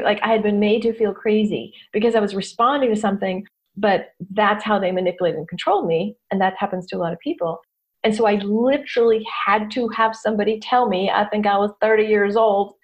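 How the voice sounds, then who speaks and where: A woman's voice: mid-range voice, fairly even intonation, a little fast, lo-fi sound. A middle-aged woman, a therapist and teacher, talking candidly to an audience and acting out quoted voices. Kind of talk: talk to an audience.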